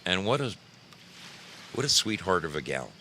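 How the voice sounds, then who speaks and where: A low-voiced man hosts a casual livestream, greeting his viewers one by one in a folksy, chatty way. His tone is bright and forceful despite the deep pitch. A faint hiss sits under his voice. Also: big pitch swings, moderate pace. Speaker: livestream host.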